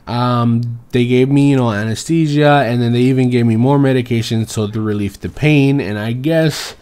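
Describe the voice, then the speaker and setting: A man's voice: mid-range voice, normal speed, a little mellow, clean tone. A young man vlogging a personal story time in a casual, profane, rambling and exasperated way.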